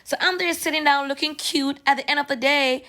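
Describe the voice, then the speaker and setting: Woman, young adult, casual storytelling, animated, slightly high voice. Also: brisk. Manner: animated, switches into patois. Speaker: vlogger.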